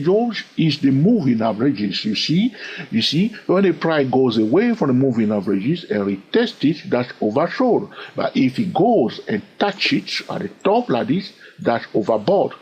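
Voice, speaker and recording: A man explaining trading in an instructional talk, his pitch lively and rising and falling. He keeps dropping in "okay" and "all right" and repeats himself as he works through a point. Faint noise sits under his voice. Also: highs cut off. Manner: animated, often fills pauses with "okay" and "all right"; repeats phrases while thinking aloud. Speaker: trading educator.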